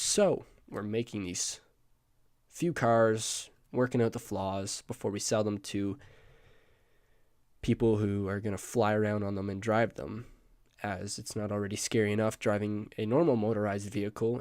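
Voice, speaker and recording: A man who is sick and hoarse gives a casual presentation on screen. He rambles, adds asides and keeps correcting himself. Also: lowish voice, darkish tone, dry recording, clean studio sound. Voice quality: croaky. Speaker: student presenter.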